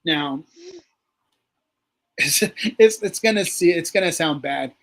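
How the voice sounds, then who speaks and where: A man's voice: a little high, takes it slowly. A man, a guest on a livestream talk show, telling a story casually and acting out what people said, swearing freely. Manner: animated storyteller, acts out quotes, swears freely.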